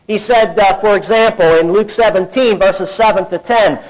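A man preaching a sermon in a conversational, folksy way, acting out quoted voices with big swings in loudness. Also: moderate pace, rough recording. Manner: animated, acts out quoted voices with big swings in pitch and volume. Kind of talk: expository sermon.

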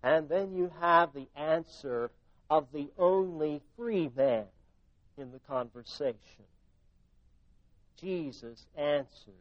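A man delivers a sermon in a fairly high voice, dropping to quiet, drawn-out phrases before building to loud, emphatic peaks. The sound is dry and close, with a slightly dull, muffled tone. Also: no room sound. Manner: dynamic preaching, drops to near-whispers and rises to loud emphasis. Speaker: pastor.

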